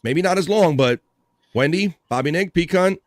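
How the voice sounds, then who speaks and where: A man's voice: fairly high pitch, animated, normal speed, no room sound, studio quality. A man hosting a livestream, chatting casually and crudely while reacting to clips and reading viewer comments aloud. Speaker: livestream host.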